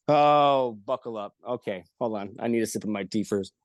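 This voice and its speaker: Jokey man spinning animated stories. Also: medium pitch, dry recording. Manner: animated, jokey storyteller who acts out the people he quotes, with frequent swearing. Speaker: comedian guest. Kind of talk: casual storytelling in an interview.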